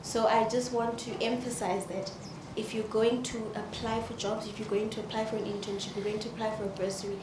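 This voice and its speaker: A woman's voice: on the high side, flat delivery, fairly quick. A woman speaking emotionally and emphatically from the audience at a panel. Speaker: audience member. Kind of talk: earnest comment from the floor. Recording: echoey hall with noisy ambience.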